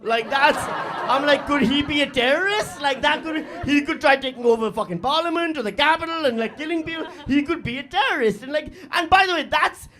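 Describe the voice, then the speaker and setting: A man's voice: very high voice, a little fast, sharp tone, a faint crowd. A middle-aged man performing a stand-up comedy set on a live stage, profane and rambling, full of fillers and talking straight to the audience.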